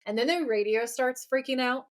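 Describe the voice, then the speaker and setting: A woman co-hosting a podcast, casually recapping an episode in a chatty, animated way with frequent laughter. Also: high-pitched, a little fast. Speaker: podcast co-host.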